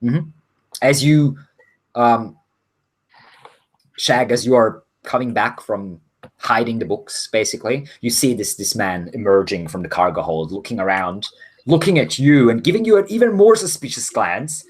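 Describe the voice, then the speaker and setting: A man narrating a tabletop role-playing game as game master, in a loose, casual way with many pauses and restarts. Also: mid-range voice, lively intonation, husky. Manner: casual, many ums and self-corrections.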